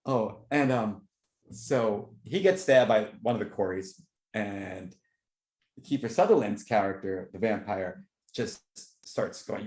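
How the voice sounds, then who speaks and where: A man chats casually as a podcast host, rambling through stories and getting excitable. His voice jumps sharply up in pitch when he acts out reactions. The room around him rings with a noticeable echo. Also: moderate pace. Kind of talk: casual chat.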